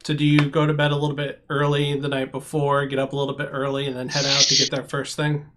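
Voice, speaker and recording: A man running a tabletop game as game master, talking in a halting way with many pauses and restarts. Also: mid-range voice, completely flat delivery, very noisy. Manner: halting, full of ums and restarts.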